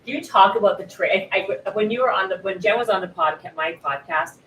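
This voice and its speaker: Woman interviewer at a live author event; chatty, halting questions; distant mic, faint background hiss. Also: mid-range voice, fairly bright tone. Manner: halting, restarts, filler-heavy questions. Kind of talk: conversational interview at a book event. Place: bookshop event space. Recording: roomy echo, distant mic, faint noise.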